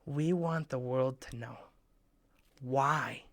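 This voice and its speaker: A man hosting a children's program, talking straight to the kids in a playful way, sometimes dropping to a hushed half-whisper. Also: unhurried, no echo. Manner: playful, bursts into excited high shouts. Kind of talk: talk to children.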